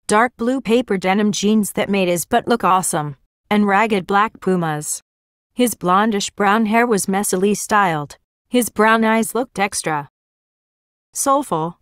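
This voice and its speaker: A woman reading a novel aloud as an audiobook narrator, in a steady, even manner. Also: medium pitch, no echo, clean studio sound.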